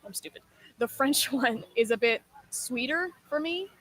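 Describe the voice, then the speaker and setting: A woman's voice: high-pitched, lively intonation, unhurried, a bit bright, no room sound, low-quality recording. A woman chatting as a guest, in a chatty, self-deprecating way. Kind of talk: casual chat.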